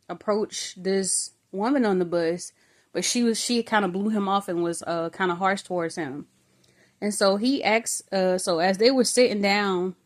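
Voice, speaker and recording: A woman giving an earnest spoken testimony about a vision, talking conversationally with fillers and calling her viewers brothers and sisters. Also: mid-range voice. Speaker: faith vlogger recounting a vision.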